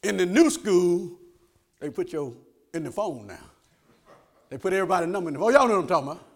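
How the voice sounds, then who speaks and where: An older man preaching a sermon, calling out to the congregation and rising to shouts. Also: sits high, lively intonation, fast talker.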